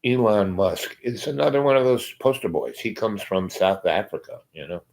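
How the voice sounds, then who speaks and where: Guy rambling thru a story, kinda low voice, keeps trailing off n restarting. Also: normal speed, creaky, darkish tone, rough recording. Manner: digressive, trails off and restarts often.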